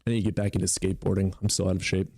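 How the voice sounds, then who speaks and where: A man's voice: deep voice, flat delivery, rapid-fire, creaky, warm tone, breathy edge, dry recording, clean studio sound. A young man streaming live, joking and teasing his viewers in casual chat. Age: young adult.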